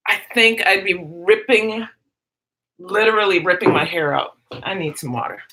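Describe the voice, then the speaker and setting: Bright, bubbly woman chatting on a livestream. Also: on the low side, moderate pace. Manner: excitable, chatty, greets viewers by name. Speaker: live stream host. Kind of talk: casual live-stream chat.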